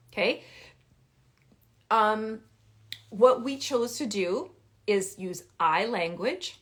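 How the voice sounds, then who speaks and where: A woman's voice: slow, pauses often. Woman talking parents thru healthy conflict on a live stream, punchy and repetitive, voice jumps way up when she gets into it. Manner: emphatic, with big swings in pitch and loudness; repeats key phrases for emphasis. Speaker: parenting coach. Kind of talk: live-streamed casual advice talk.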